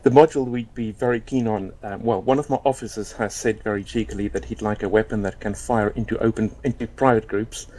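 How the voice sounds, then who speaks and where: A man speaking for a gaming group as a guest on a livestream, calm and matter-of-fact. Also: lowish voice, a little fast, few pauses. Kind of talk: casual remote chat.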